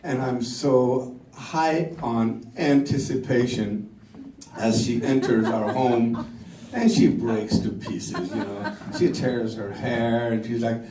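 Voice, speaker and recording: A man's voice: medium pitch, slow, recorded from a distance, a little hiss or hum. Swedish man telling a story, echoey. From Sweden. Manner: animated, laughing, acts out quotes. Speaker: speaker telling a story on stage. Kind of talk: storytelling talk.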